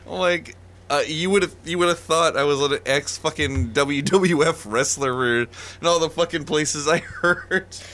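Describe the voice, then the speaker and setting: A man's voice: a little high, measured pace, fairly bright tone. A man in his thirties telling stories in a casual chat, laid-back, swearing and laughing.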